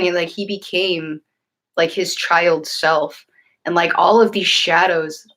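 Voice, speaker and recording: A woman's voice: lowish voice, fairly bright tone. A woman hosting a casual livestream, talking earnestly and rambling with many fillers and restarts. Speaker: livestream host and tarot reader. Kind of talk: casual livestream chat answering viewers.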